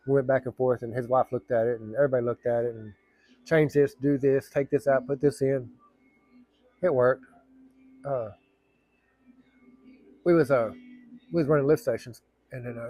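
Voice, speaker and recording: A man's voice: medium pitch, a little mellow, no room sound. Rambling man telling a story. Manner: rambling, colloquial and profane. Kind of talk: casual anecdote telling.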